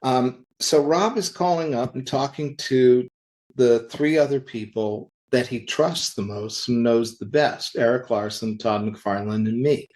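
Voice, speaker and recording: A man who works in comics, telling anecdotes in a podcast interview, acting out the quoted lines in lively voices. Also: mid-range voice, unhurried. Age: older. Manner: animated anecdotal storytelling, acts out quoted dialogue. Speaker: interview guest, comic creator.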